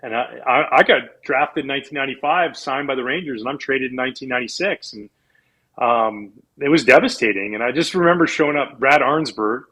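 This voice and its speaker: Ex-pro athlete guest, 40s, husky, animated storyteller. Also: male voice, medium pitch, brisk, poor audio. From Canada. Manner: animated storyteller, acts out quoted people. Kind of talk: casual storytelling interview.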